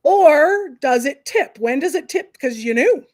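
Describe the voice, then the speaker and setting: High-voiced, animated woman hosting a livestream. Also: unhurried. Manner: animated, opinionated, many "like" and "right?". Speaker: host, professor and counsellor. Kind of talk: casual livestream chat.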